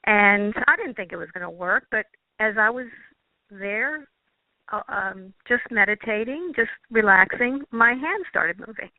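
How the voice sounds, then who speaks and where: A woman guest, a quantum healing practitioner, telling a personal story in an earnest, halting way, often restarting her phrases. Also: mid-range voice, animated, dry recording. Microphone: phone or call line. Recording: tinny dry phone line.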